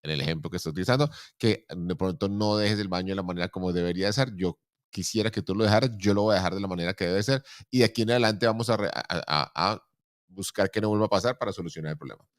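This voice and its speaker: A middle-aged man hosting a relaxed conversation, asking questions and often repeating words as he searches for the next one. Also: sits low, racing, no echo, clean studio sound. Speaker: show host. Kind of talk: conversational interview in Spanish.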